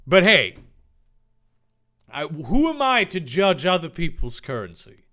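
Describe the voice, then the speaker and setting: A young man with a lively, bouncing voice that sits a touch high, reading a story aloud and breaking off into sarcastic, deadpan asides. He swears freely and shifts quickly between reading and riffing. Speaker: YouTuber reading fanfiction aloud. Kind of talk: comedic reading with commentary.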